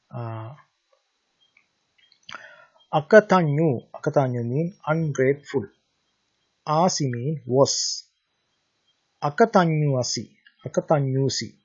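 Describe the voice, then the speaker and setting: A man with a Sri Lankan accent teaching a Pali lesson in English, reading each word aloud and then giving its meaning, with many hesitant pauses. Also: a little high, breathy edge. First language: Sinhala. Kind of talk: slow classroom-style language lesson. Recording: dull lo-fi recording.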